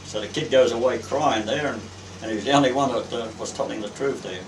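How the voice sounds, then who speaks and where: An older man with an Australian accent tells sea stories in a rambling, halting way, full of fillers and restarts. His middle-pitched voice sounds distant from the mic in a roomy space, with faint ambience underneath. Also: background noise. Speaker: retired merchant seaman. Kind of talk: reminiscing storytelling.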